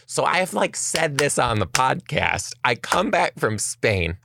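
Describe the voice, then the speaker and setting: A woman's voice: a bass voice, unhurried, creaky, dry recording. A young woman podcast host telling a story in casual chat, acting out what people said and swearing freely. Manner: animated storytelling, acts out quotes, swears.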